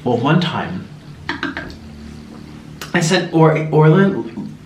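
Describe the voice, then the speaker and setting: A young man's slightly high voice moves extremely slowly as he chats animatedly on camera while eating, telling stories through mouthfuls. The casual mukbang talk is recorded in an echoey room on a somewhat far mic, with a little hiss or hum.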